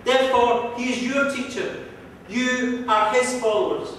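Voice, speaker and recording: A man plays a cheerful monk who never stops smiling and talks eagerly. The voice is high and rings through a big echoing hall, heard from a distance with a faint hum behind it. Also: a little slow, fairly bright tone. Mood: humble. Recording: echoey hall from far off.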